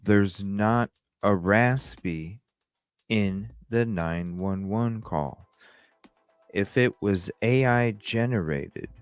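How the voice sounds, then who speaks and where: A man's voice: lowish voice, smooth, no room sound. A man hosting a casual livestream, rambling with fillers and restarts and greeting chat viewers. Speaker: livestream host.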